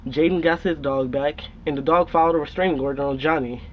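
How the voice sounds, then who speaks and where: A man's voice: fairly high pitch, steady tone, quick pace. A young man casually telling a rambling, profane story on his vlog. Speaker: storytime vlogger. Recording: dull lo-fi recording with faint noise.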